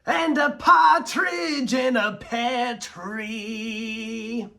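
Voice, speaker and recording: A man voicing a manic male supervillain clown, taunting in a high, shrill voice with wild shouting laughs. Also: fairly even intonation, drawn-out words, creaky, faint music behind, full character voice. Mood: mocking.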